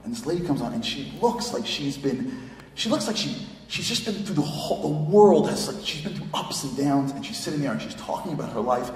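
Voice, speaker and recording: A man's voice: mid-range voice, animated, brisk, darkish tone. Middle-aged guy telling stories at a lecture, emotional, lots of "like", echoey hall, mic far off. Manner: emotional, self-mocking, lots of "like" fillers. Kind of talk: animated storytelling lecture. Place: synagogue hall.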